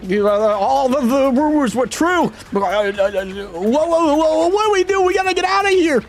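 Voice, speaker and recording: Flavio, a shrill pompous merchant voiced by a man. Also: expressive, moderate pace, soft background music. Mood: panicked. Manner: flustered and fussy, stammering in high shrill panic. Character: pompous, easily panicked rich male merchant.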